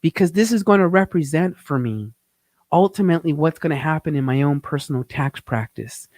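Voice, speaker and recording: Guy walking thru his trip pics on a live show, kinda emotional, halting, bit high voice, dry sound. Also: lively intonation, a little mellow, no room sound. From Phoenix, Arizona. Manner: reflective, earnest, halting with fillers. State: getting emotional. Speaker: host, tax teacher. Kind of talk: live-show narration over travel photos.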